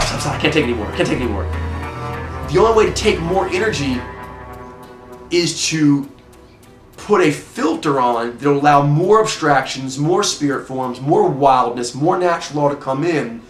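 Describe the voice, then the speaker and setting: A man teaching a personality-type system in a casual, rambling way, often restarting and adding quick asides. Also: a little high, echoey room. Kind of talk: casual explanatory talk.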